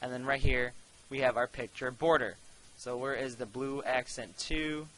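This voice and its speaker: A man teaching his class through a casual step-by-step software walkthrough, talking straight to his students. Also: medium pitch, steady tone, moderate pace, low-quality recording. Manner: casual step-by-step instruction, addresses students directly. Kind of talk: screencast software tutorial.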